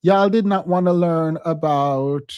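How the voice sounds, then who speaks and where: A man's voice: fairly high pitch, measured pace, a little mellow, clean tone, dry recording, highs cut off. A man hosting a live stream, chatting casually and laughing often between his points. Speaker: streamer and commentator.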